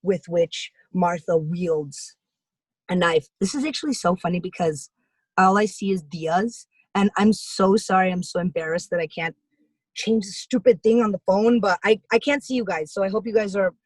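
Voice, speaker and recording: Young woman, comic monologue, video call, husky tone, dry sound, rambling and excitable. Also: medium pitch, normal speed, no room sound, rough recording. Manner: excitable, rambling, jokey with animated voice swings. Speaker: comedian guest on video call.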